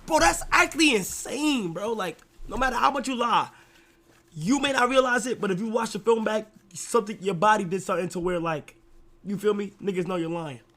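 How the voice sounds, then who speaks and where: A young man streaming a reaction, talking to his chat in slangy, animated casual commentary. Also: high-pitched, a little fast.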